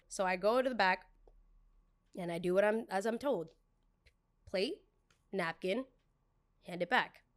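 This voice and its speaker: Young woman, podcast host, casual storytelling, animated, blunt, mid-pitched voice. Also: unhurried, long pauses. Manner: animated, acts out dialogue, blunt and profane.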